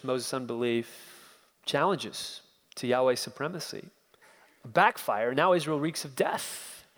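Male preacher, expository sermon, dramatic and questioning, reverberant hall. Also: medium pitch.

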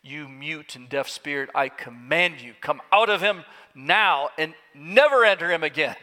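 A man voicing a calm, grave and tender teacher, who speaks slowly and quietly, recorded in an echoey hall. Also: mid-range voice, vocal fry. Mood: commanding. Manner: slow, solemn, quiet.

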